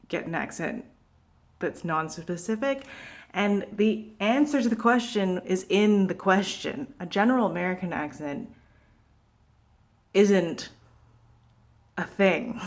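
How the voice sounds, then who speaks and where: A woman's voice: fairly low pitch, slow pace, pauses often. A young woman from Vancouver with a Pacific Northwest Canadian accent, ranting casually to camera in a chatty way full of asides and fillers. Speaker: vlogger. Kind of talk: casual opinion rant to camera.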